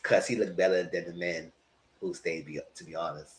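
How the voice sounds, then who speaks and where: A man giving casual, gossipy reality TV commentary, animated and freely profane. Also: mid-range voice, fairly quick.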